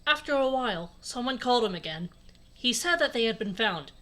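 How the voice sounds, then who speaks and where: Casting: young woman, comedic read-aloud host, slightly high, bright tone. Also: lively intonation, brisk. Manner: sarcastic, laughing asides between read lines. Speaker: host reading a fan fiction aloud.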